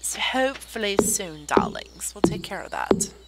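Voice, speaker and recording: A woman chatting through a gameplay stream in a bouncy, expressive voice that rises and falls freely. She thinks aloud and corrects her own words. Loud game music plays behind her. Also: mid-range voice, moderate pace. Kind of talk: casual gameplay commentary.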